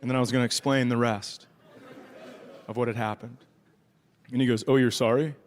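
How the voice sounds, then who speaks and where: A man's voice: mid-range voice, little pitch movement, a little fast. A man doing a stand-up comedy set, telling a story with profane, incredulous asides and quoted voices. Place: theater stage before a live audience. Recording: live stage mic, crowd noise. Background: audience laughter.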